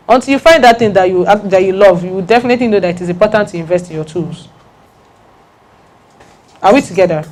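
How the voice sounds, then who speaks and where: Woman, workshop speaker, emphatic and repetitive, mid-pitched. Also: fairly quick, long pauses, a little mellow. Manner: emphatic, repeats key points, laughs and jokes with the audience. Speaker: speaker giving a talk on personal branding. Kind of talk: lively workshop talk to an audience.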